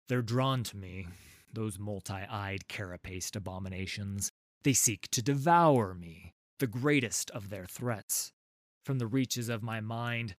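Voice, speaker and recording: A man giving scripted first-person narration of a fantasy story in a dramatic, measured way. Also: lowish voice, dry recording, studio quality.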